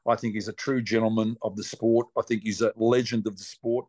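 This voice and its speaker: A man's voice: on the low side, little pitch movement, brisk, darkish tone, no echo. An Australian man telling rambling, chatty stories as a guest on an interview, with mild swearing and lots of restarts. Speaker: race car driver guest. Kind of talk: casual storytelling interview.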